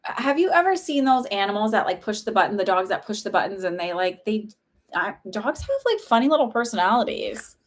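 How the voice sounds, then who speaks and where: A woman runs live psychic readings in a loose, chatty livestream style. Her pitch sits in an ordinary middle range. She talks warmly to viewers, with plenty of "like" and "um" fillers. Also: lively intonation, brisk. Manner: chatty, warm, with frequent "like" fillers and laughs. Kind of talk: casual livestream chat.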